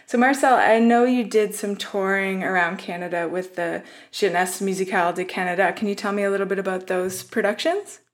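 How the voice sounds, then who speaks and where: Woman, radio host, upbeat, mid pitch, friendly questions. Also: steady tone, brisk, hardly any pauses. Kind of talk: radio interview hosting.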